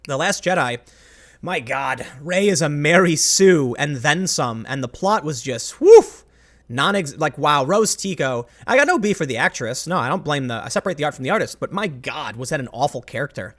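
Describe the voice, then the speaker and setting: Man, host commentary, rambling and emphatic, self-interrupting, somewhat high-pitched. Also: animated, normal speed, a bit bright. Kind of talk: opinionated commentary monologue.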